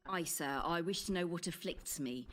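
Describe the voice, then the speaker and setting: A woman's voice: on the low side, moderate pace, fairly bright tone, lightly acted. An actress playing a proper, earnest young Elizabethan woman at a consultation, speaking in formal old-fashioned phrasing. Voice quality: formal archaic diction. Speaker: patient at a consultation.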